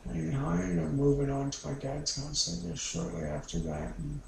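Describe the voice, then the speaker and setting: Man with a gravelly voice, raw and profane. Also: a little high, very animated, moderate pace, darkish tone. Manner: raw, profane, emotionally charged. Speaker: therapy client. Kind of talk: recounting a memory in a therapy session. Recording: echoey room with background noise.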